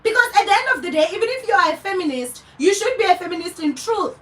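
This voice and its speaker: A woman's voice: very high voice, animated, fast, a bit bright, recorded from a distance, rough recording. A young South African woman vlogger delivering an angry commentary rant, heated and profane, repeating herself for emphasis.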